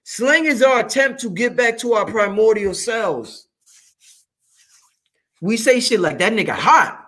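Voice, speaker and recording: A man with a fairly high voice hosts his own channel in a loose, animated monologue. He speaks emphatically and drops curse words freely for emphasis. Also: a little slow. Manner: freewheeling, emphatic and profane. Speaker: channel host. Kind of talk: casual monologue to camera.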